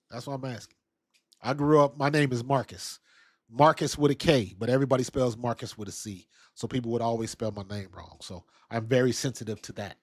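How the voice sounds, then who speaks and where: A man's voice: medium pitch, no echo, clean studio sound. A man hosting a casual live-stream about football, chatting loosely and answering viewers' comments from the chat. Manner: laid-back, conversational, reads and answers chat. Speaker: sports talk show host.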